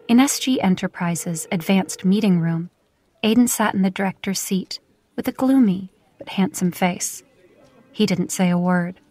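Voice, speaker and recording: A woman narrating a romance audiobook in a steady, even storytelling manner. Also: mid-range voice. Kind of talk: scripted narration.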